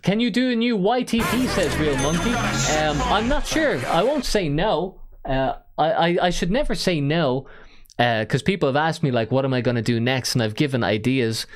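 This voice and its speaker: Male call-in stream host, a touch high, very animated pitch, rambling and self-deprecating. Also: moderate pace, a little hiss or hum. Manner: chatty, self-mocking, rambling with fillers. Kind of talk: casual live-stream chat.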